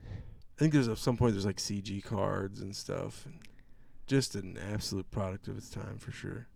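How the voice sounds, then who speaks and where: A man's voice: lowish voice, normal speed, vocal fry, dry recording. Sarcastic man ranting about a movie. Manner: sarcastic, animated movie rant with mocking impressions. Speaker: podcast co-host. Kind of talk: casual chat.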